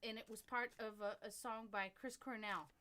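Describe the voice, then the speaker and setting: A woman's voice: on the high side, fairly even intonation, moderate pace, bright, forceful tone. A woman from Germany hosting a livestream, telling a rambling story in casual chat, swearing freely and breaking off to greet viewers. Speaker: livestream host.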